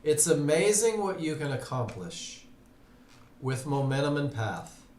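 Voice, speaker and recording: A man leads a live trading class in a slightly high voice, speaking slowly and chatting with his students as he goes. He keeps turning questions back to the room. His voice carries some echo from the space he is in. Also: sing-song, a little mellow, a little hiss or hum. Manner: conversational, asks the audience questions. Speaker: trading instructor. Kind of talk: live webinar teaching. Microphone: computer mic on a live webinar.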